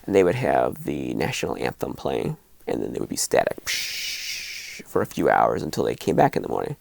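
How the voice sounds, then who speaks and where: A middle-aged man hosting a horror video, talking casually to camera in a rambling, animated way with lots of restarts. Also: very deep voice, brisk, gravelly, no echo.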